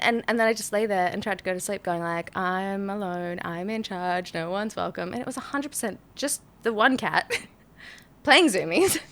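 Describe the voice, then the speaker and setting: Animated woman telling a spooky story. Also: mid-range voice. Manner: animated storytelling with frequent laughs. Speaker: podcast host. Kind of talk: casual chat.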